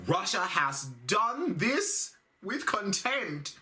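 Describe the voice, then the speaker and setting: A woman's voice: mid-range voice, sing-song, extremely slow, bright, forceful tone, voice pushed up, heavily acted. A man voicing an indignant older female British politician in a prim, mock British accent, clipped and mock-formal.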